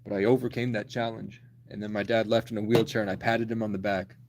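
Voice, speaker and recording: A man's voice: lowish voice, little pitch movement, fast, noisy background. A man in his twenties telling a long personal story in a rambling, blunt, profane way on a livestream. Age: 20s.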